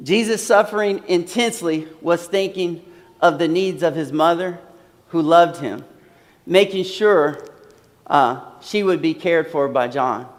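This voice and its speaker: A man's voice: fairly high pitch, measured pace. A man preaching a sermon earnestly, repeating phrases and using many fillers, in a large hall. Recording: long hall reverb.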